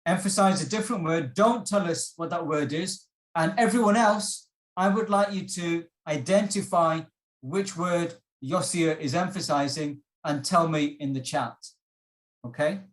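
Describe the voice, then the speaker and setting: An encouraging man teaching over a video call, his voice a bit higher than most men's. He repeats his instructions and fills pauses with ums. The sound bounces around an echoey room. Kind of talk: online workshop teaching.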